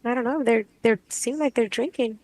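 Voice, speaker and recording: Halting, dreamy woman under hypnosis. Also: a little high, darkish tone, dry recording, low-quality recording. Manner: hesitant, halting, dreamy speech with pauses and restarts. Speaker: hypnosis client. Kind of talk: describing visions under hypnosis.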